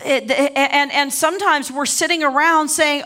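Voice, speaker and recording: A middle-aged woman preaching a sermon, impassioned and repeating herself often, rising to shouted declarations. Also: high voice, steady tone, moderate pace, hardly any pauses. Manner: repeats and restarts words often.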